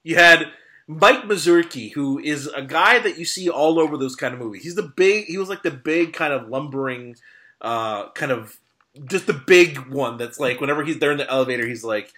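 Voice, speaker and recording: Guy on a movie podcast, bright voice, keeps restarting his sentences, chatty. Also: on the high side. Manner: rambling, halting restarts, frequent laughs. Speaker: podcast co-host. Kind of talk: casual film discussion.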